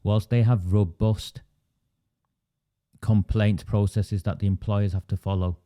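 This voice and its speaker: A man's voice: fairly low pitch, flat delivery, unhurried, dark tone. A man delivering an impassioned political monologue, angry and emphatic, repeating phrases for force and reading out viewer comments by name. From Oldham area, England.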